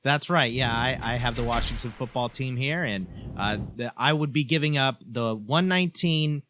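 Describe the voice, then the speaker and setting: A man's voice: medium pitch, moderate pace, a bit bright, a little hiss or hum. A man talking as a guest on a sports podcast, methodically laying out team stats. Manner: stat-heavy, methodical. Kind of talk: casual sports chat.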